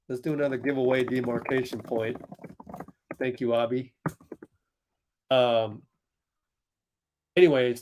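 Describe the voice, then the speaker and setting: A young man hosting a live basketball watch-along stream, talking in a heated, exasperated way with frequent laughs and sighs. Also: medium pitch. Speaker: livestream host.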